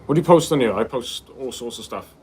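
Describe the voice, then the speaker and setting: A young man from Wales, hosting a casual livestream, reading out viewer comments and answering them in a relaxed way, calling people bro. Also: medium pitch, quick pace, a little hiss or hum. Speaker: livestream host.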